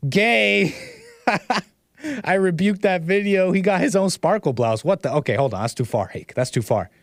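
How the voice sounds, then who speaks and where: Brief: male stream host, bit high-pitched, rambly and repetitive with mocking asides, dry sound. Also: no echo. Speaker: livestream host. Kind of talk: reacting to videos on a livestream.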